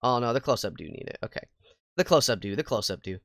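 A woman livestreaming a game, chatting with viewers in a bubbly, goofy way, jumping between squeals and quiet mutters. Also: extremely low pitch, expressive, quick pace, no room sound, studio quality. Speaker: VTuber game streamer. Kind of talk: casual livestream chat with viewers. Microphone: headset mic. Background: faint game music.

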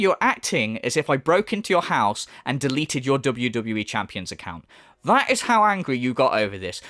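A man rants with open mockery, swearing freely as he picks apart someone else's words. His voice sits fairly high and leaps around a lot. The recording is dry and close. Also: a bit bright, dry recording. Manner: profane, mocking, sarcastic rant. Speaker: YouTube commentator. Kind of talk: angry reaction commentary.

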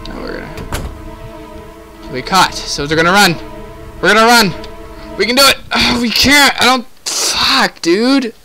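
A man's voice: sits high, sharp tone. A young man giving let's play commentary, exasperated and swearing heavily, talking straight to the game. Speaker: gaming video host.

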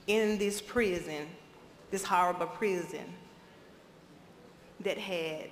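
A woman's voice: on the low side, slow pace, pauses often, big-room sound, slight background noise. A woman giving interview testimony, emotional and close to tears. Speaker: interviewee, mother of an inmate.

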